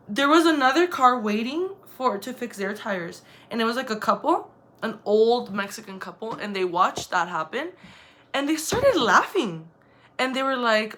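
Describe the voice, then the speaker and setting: A young woman from the El area telling a story casually in a vlog, animated and profane, acting out the dramatic moments. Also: a little high, moderate pace. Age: young adult. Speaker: vlogger.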